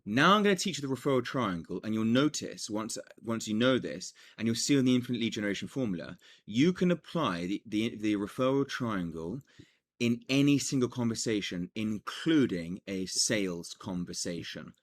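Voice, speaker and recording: A man teaching a coaching lesson in an energetic, animated way, with joking asides. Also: fairly low pitch, normal speed. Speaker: business coach.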